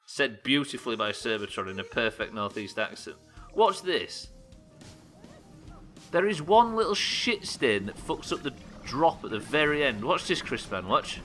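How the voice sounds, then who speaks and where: A man's voice: mid-range voice, big pitch swings, moderate pace, a bit bright, faint music behind. A man commentating a game live, joking and swearing as he banters with his chat. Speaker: game streamer.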